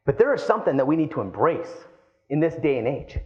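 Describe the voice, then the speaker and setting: A man giving a live keynote speech, telling a personal story with animated energy and calling the audience guys. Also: on the high side, quick pace, highs cut off. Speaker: keynote speaker.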